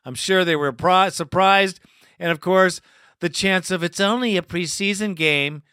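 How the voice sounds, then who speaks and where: A man's voice: high-pitched, unhurried, sharp tone, clear, resonant tone, dry recording, clean studio sound. A man hosting a fan call-in show, talking in loose, profane, hyped-up banter. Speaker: podcast host.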